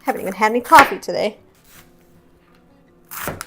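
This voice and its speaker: A woman's voice: mid-range voice, lively intonation, normal speed, heavy background noise. A young woman hosting a home cooking tutorial in a kitchen, chatty, playful and self-mocking, laughing often at her own slips. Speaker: cooking show host.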